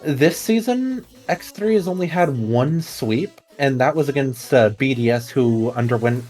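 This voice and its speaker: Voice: mid-range voice, animated, unhurried, darkish tone, soft background music, rough recording. A podcast panelist arguing a point with emphasis. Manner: argumentative, emphatic. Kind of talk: casual podcast chat.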